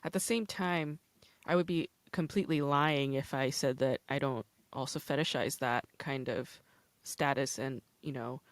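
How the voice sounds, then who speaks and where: A woman's voice: rumbling low, steady tone, moderate pace, no echo. A woman hosting a podcast in casual chat, candid and profane, with many fillers. She is a PhD student. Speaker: podcast host.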